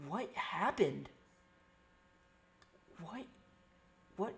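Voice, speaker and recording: Pausing often, a fan with a mid-range voice streams their own play-by-play at normal speed. The amateur commentary is excitable and pleading, shifting between loud outbursts and quiet muttering, full of swearing.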